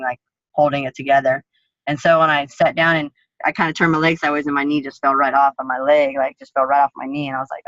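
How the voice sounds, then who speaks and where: A woman MMA fighter tells her story in a blunt, profane and vivid way. Her voice is bright and forceful. The sound is dry and close, with a dull lo-fi quality. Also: low-pitched, no echo. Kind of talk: casual interview storytelling.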